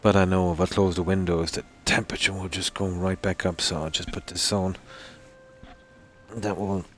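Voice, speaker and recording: Low-voiced man streaming a game. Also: level tone, a little hiss or hum. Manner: rambling and easygoing, with many "you know"s and pauses. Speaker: streamer playing a survival game. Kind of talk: casual live-stream commentary. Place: room at home at night.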